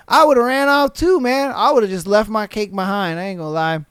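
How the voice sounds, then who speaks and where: A man's voice: very high-pitched, smooth, dry recording, clean studio sound. A man hosting a podcast, reading listener stories aloud and reacting with slangy, profane jokes and frequent laughter. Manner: laughs often, slangy and profane, mimics people in quick voices. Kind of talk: casual podcast commentary.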